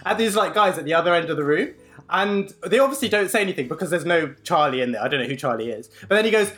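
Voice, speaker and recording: A young man telling an anecdote in casual chat, animated and full of fillers. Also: on the high side, fast, faint music behind. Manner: animated storyteller, many fillers.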